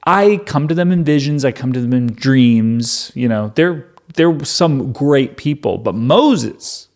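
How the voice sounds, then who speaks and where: A man voicing a petulant, dramatic male god who is quick to anger, speaking slowly and grandly, then turning whiny and sulky. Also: mid-range voice, animated, a little mellow.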